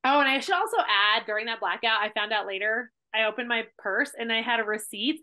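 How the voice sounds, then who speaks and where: A woman guest in a casual podcast chat, telling a story in an animated way with many fillers like "like". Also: on the high side, fairly quick. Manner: animated storytelling, heavy use of "like".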